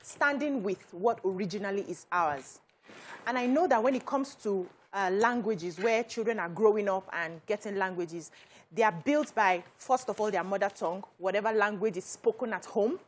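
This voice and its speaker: A woman's voice: medium pitch, moderate pace, slight background noise. A Nigerian woman co-hosting a talk show, explaining her view earnestly in a panel discussion.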